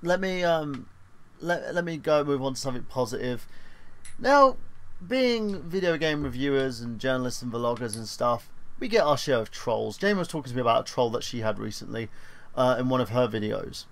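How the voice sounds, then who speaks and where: A man's voice: medium pitch, animated, normal speed, gravelly. A man co-hosting a gaming podcast, reading a news story aloud with rambling asides in casual chat. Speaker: podcast co-host.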